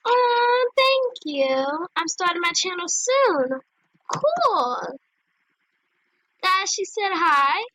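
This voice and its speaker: A young female gaming vlogger chatting casually and giggly over her gameplay, with squealing excited asides. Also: extremely high pitch, extremely slow, pauses often, rough recording. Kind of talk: casual game commentary.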